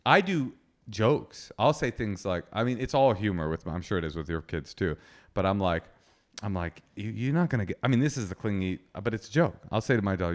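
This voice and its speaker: Podcast co-host, man, low-pitched, lively delivery, jokey and profane. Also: fairly quick. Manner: joking, animated, swears freely. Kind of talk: casual podcast chat.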